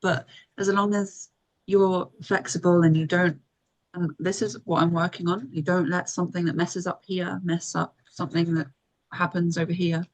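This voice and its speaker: A woman's voice: lowish voice, little pitch movement, moderate pace. A woman co-hosting a podcast in casual chat, upbeat and agreeable, laughing easily. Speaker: podcast co-host.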